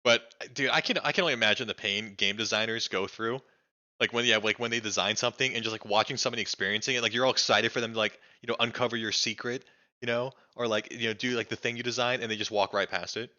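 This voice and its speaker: A male streamer casually reacting on a live stream, excitable and rambling, swearing freely with lots of fillers. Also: medium pitch, quick pace, lo-fi sound.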